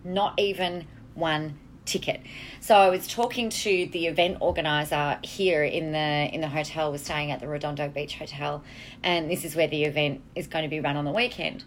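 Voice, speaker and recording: A woman's voice: sits low, steady tone, moderate pace, slight background noise. A woman with an Australian accent hosting a casual solo podcast from a hotel, talking candidly and bluntly and swearing freely. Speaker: podcast host, marketing coach.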